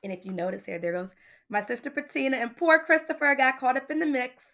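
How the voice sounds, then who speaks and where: A woman reading a picture book aloud in an expressive, playful way. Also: high-pitched, fast. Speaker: storybook reader.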